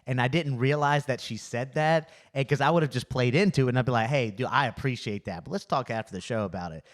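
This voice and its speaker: A man with a Louisiana accent tells a story on a comedy podcast. His talk is loose, relaxed and chatty, and he sits at a middle pitch. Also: fast talker. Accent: Southern US (Louisiana). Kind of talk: casual podcast chat.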